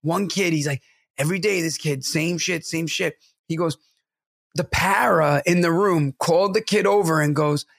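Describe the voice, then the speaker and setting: A man co-hosting a podcast, telling a friend's story in a relaxed, laughing way. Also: a little high, moderate pace, gravelly, dry recording, clean studio sound. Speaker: podcast co-host. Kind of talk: casual storytelling chat.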